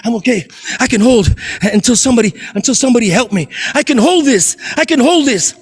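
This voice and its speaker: A man voicing a boastful young man who turns panicked, shouting, stammering and pleading. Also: extremely high pitch, lively intonation, brisk, husky, heavily acted.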